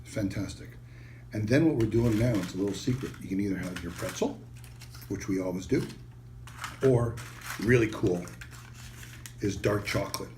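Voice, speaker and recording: A man presenting a wine and cheese tasting, enthusiastic and casual in a sales-pitch manner. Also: normal speed, pauses often, a little mellow, a little hiss or hum. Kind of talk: product tasting demonstration.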